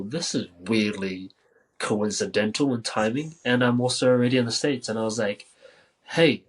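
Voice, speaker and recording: A man from New Zealand, a podcast guest telling a story casually, with many filler words and lively quoted dialogue. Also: lowish voice, slightly rough, poor audio.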